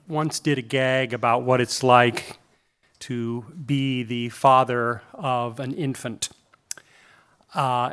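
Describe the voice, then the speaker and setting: A man's voice: mid-range voice, fairly bright tone, clean tone. Older man giving a jokey keynote. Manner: emphatic, jokey, tags points with "okay?". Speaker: keynote speaker. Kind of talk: conference keynote talk. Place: lecture room at a university.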